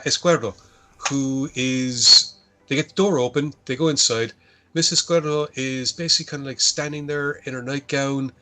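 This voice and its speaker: Bright-voiced man recapping a film. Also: mid-range voice. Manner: rambling, profane, self-correcting. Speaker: podcast co-host. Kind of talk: casual chat, recapping a film.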